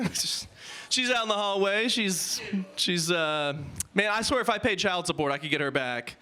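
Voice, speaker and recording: A man doing improvised stand-up comedy, riffing quickly and self-deprecatingly with the crowd on audience-suggested topics. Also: sits high, expressive, bright, forceful tone, clear, resonant tone.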